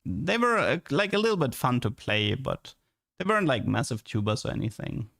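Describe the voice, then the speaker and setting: A man's voice: mid-range voice, very animated, moderate pace, gravelly, a bit bright. A young man streaming and chatting casually, rambling and stammering, often repeating words and laughing.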